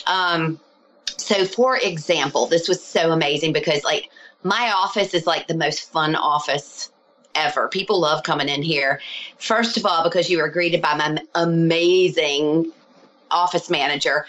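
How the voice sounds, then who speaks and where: Woman guest, healer, lowish voice, animated chatty storyteller full of fillers. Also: measured pace, low-quality recording. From lives abroad, not local. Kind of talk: casual storytelling interview.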